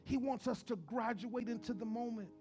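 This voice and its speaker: A pastor delivers a sermon in a fairly high voice. He jokes with the congregation and then drops into quiet, earnest preaching. Soft music sits faintly underneath. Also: normal speed. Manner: humorous storytelling, swings from joking to quiet earnest preaching.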